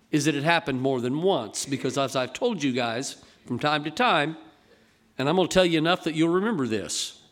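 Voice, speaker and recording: A man preaching a sermon in a folksy, emphatic way, often asking his listeners questions and reading scripture slowly. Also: on the high side, a bit bright. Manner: reads scripture slowly in King James wording.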